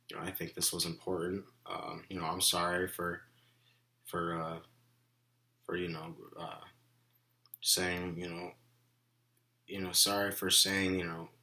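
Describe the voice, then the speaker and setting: A man's voice: deep voice, a bit bright. A young man venting in a rambling, frustrated monologue, full of "you know" and "like" fillers. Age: young adult. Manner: frustrated, indignant. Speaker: vlogger.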